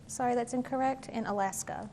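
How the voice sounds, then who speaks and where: A woman moderating a quiz competition, reading questions and rulings in a measured, formal way with an occasional "um". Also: on the high side, creaky, background noise.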